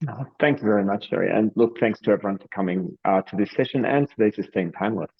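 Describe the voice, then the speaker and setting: A deep, husky Australian man delivers prepared remarks as a webinar panelist in a measured, steady way. His voice comes through dull, lo-fi online call audio. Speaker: panelist, industry economist.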